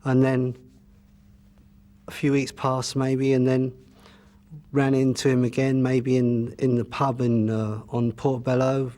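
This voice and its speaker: Answering interview questions, a male musician wanders back through his band's beginnings in casual, rambling fashion, restarting often and saying "you know" a lot. He has a medium, dark-toned voice, level in tone, measured, with frequent pauses.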